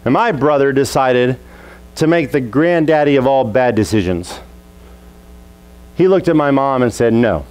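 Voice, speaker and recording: A male pastor delivers a sermon through a childhood story, acting out each scene as he tells it. His voice sits at an ordinary middle pitch for a man, and he slips into quick impressions of the people in the story. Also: clean tone, poor audio. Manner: animated, acts out family scenes with voices.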